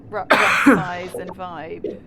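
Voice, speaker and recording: A woman's voice: lowish voice, little pitch movement, takes it slowly, a crowd in the background. A woman running the video layers in a theatre rehearsal, talking casually with lots of fillers. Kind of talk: rehearsal planning talk.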